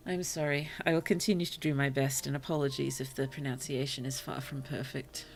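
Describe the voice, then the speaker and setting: A woman streamer reading short stories aloud to her chat, slow and careful, with apologetic asides between passages. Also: extremely low pitch, level tone, soft background music. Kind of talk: story reading on a livestream.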